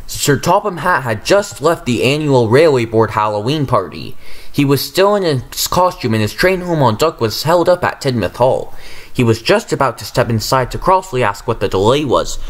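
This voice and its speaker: Expressive man reading a storybook. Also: medium pitch. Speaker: narrator. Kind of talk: storybook narration.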